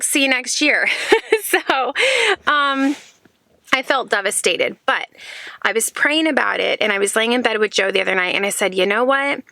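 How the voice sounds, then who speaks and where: A woman's voice: medium pitch, sharp tone, dry recording. A woman, chatting earnestly to camera in a home vlog, sprinkling in lots of "like"s. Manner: earnest, faith-filled, chatty with many "like"s. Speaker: vlogger. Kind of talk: casual chat to camera.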